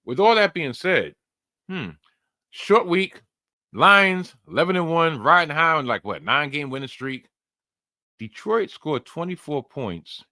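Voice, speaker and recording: Animated man talking football picks. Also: mid-range voice, dry recording. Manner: animated, playful, repeats phrases for emphasis. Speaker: podcast co-host. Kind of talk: casual sports betting chat.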